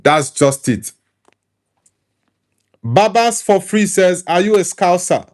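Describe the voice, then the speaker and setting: A Nigerian man with an Igbo background hosting a relaxed football talk show, reading out chat comments and answering them in an easygoing way. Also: high voice, slow. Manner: easygoing, repeats words while thinking. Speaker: host reading live chat.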